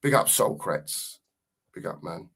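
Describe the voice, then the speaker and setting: Slow-talking man co-hosting a watchalong. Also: low-pitched, expressive, creaky, a bit bright, slightly rough. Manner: banter-filled, drawn-out emphasis on goal calls. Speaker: co-host of a live football watchalong. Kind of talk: casual live commentary and reading chat messages.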